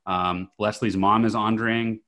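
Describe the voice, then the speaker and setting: A man's voice: fairly low pitch, steady tone, a little slow, a bit bright. A middle-aged man co-hosting a podcast, chatting casually and laughing often while telling family anecdotes. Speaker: podcast co-host. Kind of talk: casual chat.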